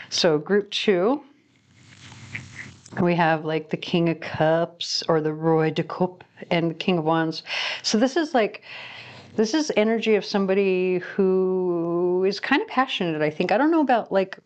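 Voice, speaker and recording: A woman giving a casual, rambling tarot reading to camera, chatty and quick to laugh at herself. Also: lowish voice, darkish tone, highs cut off. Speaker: tarot reader.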